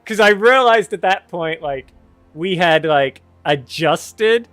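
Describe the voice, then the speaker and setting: A man spins a casual, rambling story, often stopping to correct himself and adding wry, candid asides. His voice sits a little high for a man and sounds smooth and clear. The recording is dry and close, with no room sound. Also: animated, takes it slowly, fairly bright tone, dry recording, soft background music. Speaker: podcast host telling a personal story.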